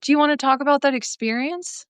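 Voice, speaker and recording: Hesitant, gently questioning woman, dry. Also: fairly high pitch, expressive, brisk, dry recording. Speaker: interviewer. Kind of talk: casual live chat.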